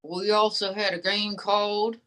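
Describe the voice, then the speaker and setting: A woman's voice: mid-range voice, little pitch movement, measured pace, fairly bright tone, close to an everyday voice. A woman voicing an old male lounge-singer ventriloquist dummy, drawling folksy punchlines. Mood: deadpan corny.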